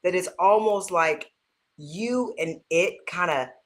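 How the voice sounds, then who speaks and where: Animated woman chatting about her church. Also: lowish voice, slow. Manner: animated, uses "like" often, speaks to viewers directly. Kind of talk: casual chat.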